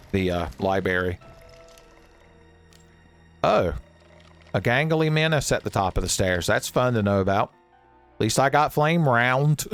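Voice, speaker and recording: Man hosting a let's play; quick jokes, sudden high yelps, clean dry mic. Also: clean tone, no room sound. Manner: jokey, swings into high excited yelps. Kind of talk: playful gameplay commentary.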